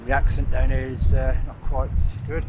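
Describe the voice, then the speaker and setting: A man's voice: mid-range voice, completely flat delivery, normal speed. Man rambling outdoors. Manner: rambling, thinking aloud with many "uh"s. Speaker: landscape photographer vlogger. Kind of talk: casual talk to camera while shooting. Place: outdoors on a coastal cliff at sunset. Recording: outdoor noise clearly heard behind.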